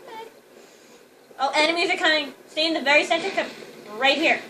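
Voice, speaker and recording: A young woman chatting casually while playing a game, excitable, screaming and laughing. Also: high-pitched, brisk. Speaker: game player. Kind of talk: casual gameplay chat. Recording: distant mic with loud noise.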